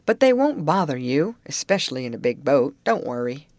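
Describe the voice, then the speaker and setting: A woman's voice: a bass voice, sing-song, fairly quick, darkish tone, no echo. A woman voicing a middle-aged male overseer who speaks in an easygoing, reassuring way.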